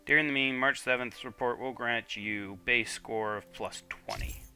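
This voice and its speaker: A man's voice: mid-range voice, normal speed, pushed and bright, faint music behind. A man streaming a video game, chatting casually and reading on-screen text aloud with frequent fillers. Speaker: gaming streamer.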